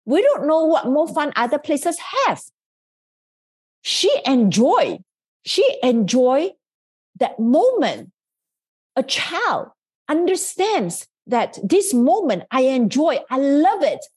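A woman's voice: sits high, sing-song, slow, darkish tone. A woman hosting a podcast, giving an earnest, emphatic motivational talk that coaches her listeners. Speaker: podcast host.

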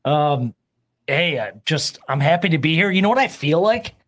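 Man, podcast guest, playful, jokey, slightly high voice. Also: expressive, moderate pace, fairly bright tone. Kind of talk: casual podcast chat.

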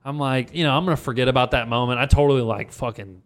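A young man from Louisiana tells a story in loose, rambling podcast chat, swearing freely and leaning on fillers. His voice sits at an ordinary middle pitch. The talk stays casual and unpolished throughout. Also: fast. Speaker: podcast guest comedian.

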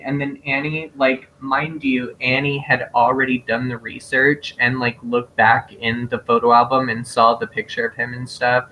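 A man co-hosting a podcast, recapping scenes in a lively way and laughing often. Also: mid-range voice, measured pace, highs cut off, a little hiss or hum. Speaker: podcast co-host. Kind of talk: casual chat.

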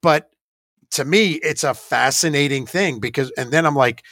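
A man's voice: on the high side, moderate pace, a bit bright, no echo, clean studio sound. A man who leads a paranormal investigation team, telling an anecdote in a chatty, self-deprecating way with occasional laughs. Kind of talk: casual anecdotal storytelling.

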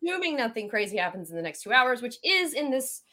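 A woman's voice: on the high side, very animated, fast, pushed and bright. Southern lady hosting a podcast, kinda tired, chatty, laughs a lot. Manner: chatty, laughs easily, talks about being tired. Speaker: podcast host. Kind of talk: casual podcast chat.

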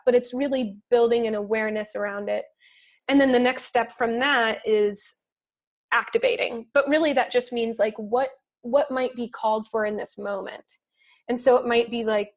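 A woman's voice: on the high side, steady tone, moderate pace. A woman speaking as a podcast guest, explaining her method in a thoughtful, earnest way with many fillers. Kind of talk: casual conversational explanation.

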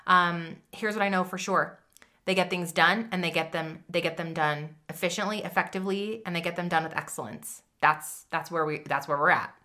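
Bright-voiced woman giving a motivational talk. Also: lowish voice. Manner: emphatic, direct, addresses listener as friend; chatty with fillers and restarts. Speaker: podcast host. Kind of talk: motivational podcast monologue.

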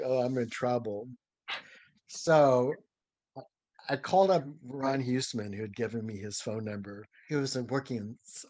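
An older man from St. Louis, a dancer being interviewed, telling a story with lively, acted-out quotes and chuckles. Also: medium pitch, husky, dry recording. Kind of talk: anecdotal storytelling.

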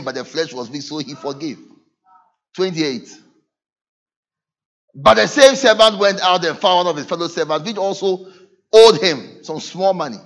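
A man preaching a sermon as pastor, acting out the voices of people in his stories. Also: high voice. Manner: lively preaching with dramatic acted quotes. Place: church. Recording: dull lo-fi church recording.

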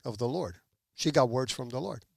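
A man's voice: mid-range voice, moderate pace, creaky, breathy edge, no room sound, studio quality. A man from Puerto Rico, a podcast guest, telling a testimony with animation and acting out the people in it. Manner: animated, acts out quoted people. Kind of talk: testimony storytelling.

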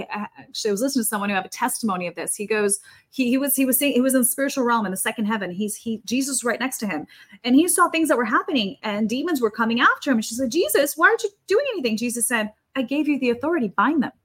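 A woman's voice: fairly high pitch, very fast. A woman talking as a podcast guest in a fervent, preaching manner, stressing her points by repeating them. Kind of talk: conversational preaching.

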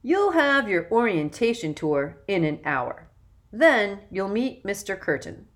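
A woman's voice: mid-range voice, very animated, a little slow, pitched above the performer's own voice. A woman voicing a smug, cruel young man who lords it over new kids in an audiobook. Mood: bossy. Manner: condescending, snapping.

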